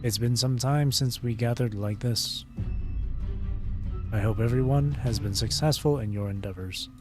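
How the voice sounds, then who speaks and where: A man voicing the mechanical, genderless voice that leads a secret council, speaking in a measured, formal way while reading game dialogue on stream. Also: medium pitch, music in the background, lightly acted.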